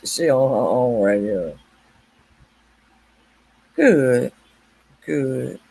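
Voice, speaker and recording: A woman's voice: sits low, creaky, darkish tone, breathy edge. A woman hosting a casual late-night livestream, chatting with viewers by name and laughing often. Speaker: livestream host.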